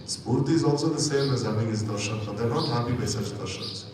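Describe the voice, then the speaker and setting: A man's voice: mid-range voice, brisk. A man giving a scripture lecture as a spiritual teacher, explaining at length and tossing in tag questions. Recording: echoey hall from far off, faint noise.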